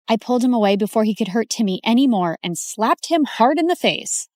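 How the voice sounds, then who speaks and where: Woman, cartoon narrator and lead, emotional, urgent, lively pitch. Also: brisk, few pauses, no room sound, clean studio sound.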